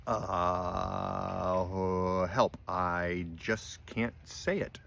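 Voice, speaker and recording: An older man voicing a big, boastful male rhinoceros in a children's storybook, gruff and loud. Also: low voice, level tone, very slow, heavily acted. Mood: laughing.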